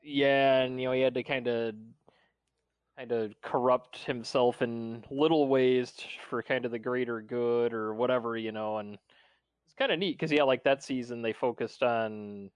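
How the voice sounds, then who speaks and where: A man's voice: medium pitch, steady tone, normal speed, clear, resonant tone, no echo. A man co-hosting a podcast, chatting loosely and rambling with lots of fillers. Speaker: podcast co-host. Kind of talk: casual chat.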